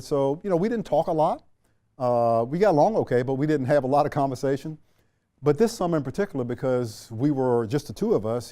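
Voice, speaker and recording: A man from Washington, D.C., a retired general as interview guest, telling a reflective story with unhurried pauses and frequent fillers. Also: mid-range voice, dark tone.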